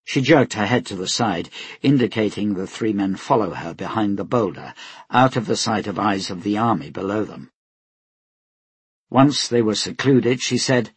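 A man narrating an audiobook in a steady, measured storytelling voice. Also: fairly low pitch, breathy edge, no echo. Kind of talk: scripted narration.

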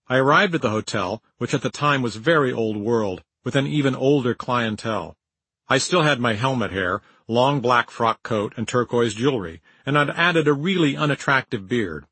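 Brief: older male memoir narrator, husky tone, wry and measured, close and dry sound. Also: medium pitch, fairly bright tone, dry recording, poor audio.

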